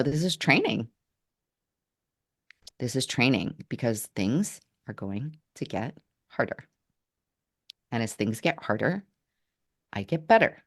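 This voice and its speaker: A woman telling a personal story in an earnest, halting way, restarting her sentences as she reflects. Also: low voice. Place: Portland area, Oregon.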